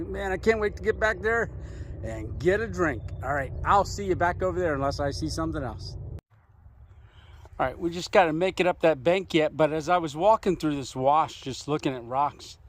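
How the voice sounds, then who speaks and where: A man's voice: a little high, slight background noise. Chatty man vlogging on a desert hike. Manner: chatty, laughs often, talks to camera. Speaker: travel vlogger. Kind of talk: casual vlog commentary while hiking. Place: outdoors in desert hills.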